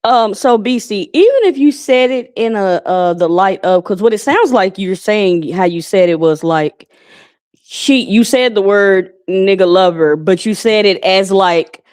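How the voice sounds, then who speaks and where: A woman's voice: medium pitch, unhurried, a little mellow. A woman hosting a casual live stream, rambling and chatty, calling people honey.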